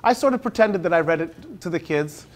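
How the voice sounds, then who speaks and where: Casting: man, high pitch, relaxed presenter with restarts, slows for read-alouds. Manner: conversational, with restarts; slows down when reading aloud. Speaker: teacher presenting at a university talk. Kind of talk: conference presentation.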